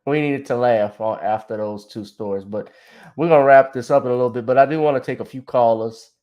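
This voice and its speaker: A man's voice: mid-range voice, fairly quick, muffled recording. A male talk show host in casual commentary, joking and profane and laughing often.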